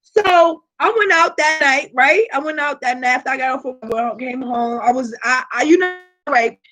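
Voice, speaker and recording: A woman hosting her channel, telling a personal story in a casual vlog with animated, profane delivery and constant check-ins with her viewers. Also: high-pitched, normal speed. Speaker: tarot reader and channel host.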